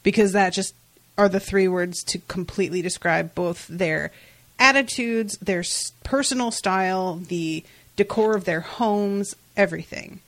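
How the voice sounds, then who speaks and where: A woman chatting casually on a podcast, animated, swearing and laughing as she acts out scenes. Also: medium pitch, measured pace. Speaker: podcast co-host. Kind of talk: casual recap chat.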